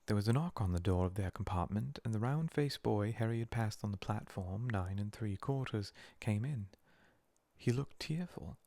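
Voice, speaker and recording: A man reading a storybook aloud as a whispered role-play, slow and soothing. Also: on the low side, mellow, no echo. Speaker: narrator.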